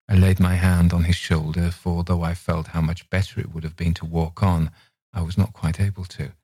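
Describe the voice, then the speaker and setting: A man narrating a literary audiobook in a measured, expressive reading. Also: low-pitched, breathy edge, no echo.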